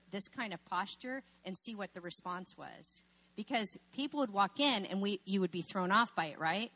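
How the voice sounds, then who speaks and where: A woman's voice: mid-range voice, fairly bright tone. A woman speaking in a sermon, telling a personal story and asking rhetorical questions.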